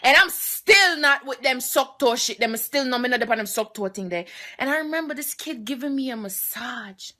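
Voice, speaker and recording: A woman's voice: high voice, normal speed. A young woman with a Jamaican accent telling comic stories to camera, acting out the voices of the people in them. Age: young adult. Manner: animated, acts out voices in her stories. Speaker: comedy vlogger. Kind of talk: comic storytelling vlog.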